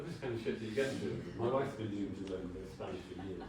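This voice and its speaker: A man's voice: low-pitched, fast talker, background noise. A man in his sixties giving a conference talk as a brand designer. He speaks informally, with wry humor and the odd swear word. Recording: very echoey hall, mic far off.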